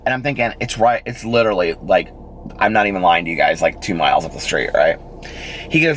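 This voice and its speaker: A man's voice: deep voice, brisk, a little hiss or hum, low-quality recording. Chatty man telling a story. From United States. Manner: chatty, animated, acts out quoted people in raised voices. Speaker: vlogger. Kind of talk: casual storytelling vlog.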